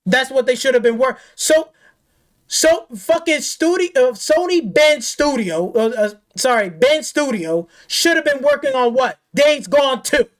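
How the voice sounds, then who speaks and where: A woman hosting a gaming channel, ranting off the cuff in a heated, profane way, repeating herself and firing rhetorical questions. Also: high voice. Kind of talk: angry off-the-cuff rant.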